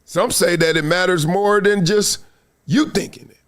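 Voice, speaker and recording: Animated high-voiced male sports host. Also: normal speed. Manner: storytelling, acts out quoted voices, emphatic. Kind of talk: animated live-stream sports talk.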